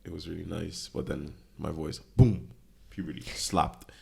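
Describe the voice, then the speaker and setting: Very deep gravelly young man. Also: completely flat delivery, unhurried. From Ireland. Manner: loose, rambling, swearing. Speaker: podcast co-host. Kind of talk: casual chat.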